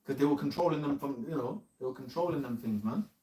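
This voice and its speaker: A man's voice: medium pitch, fast talker, mellow, recorded from a distance. A man in a rambling casual chat, full of slang and often calling others "man". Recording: echoey room, off mic.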